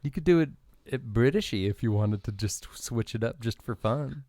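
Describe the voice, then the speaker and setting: An American man chats with his co-host in a loose, joking way, filling his stories with ums and uhs. His voice sits at an ordinary pitch. The sound is dry and close, with no room around it. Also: moderate pace, no room sound, soft background music. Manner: joking, animated storyteller with many fillers. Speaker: podcast co-host. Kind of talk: casual chat.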